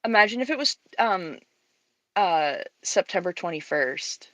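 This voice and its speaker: A woman's voice: lowish voice, animated, fairly bright tone, dry recording, poor audio. A woman hosting a stream, chatting playfully while she paints. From Western Canada. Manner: chatty, playful, quick to riff. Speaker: stream host. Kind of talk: casual chat while painting.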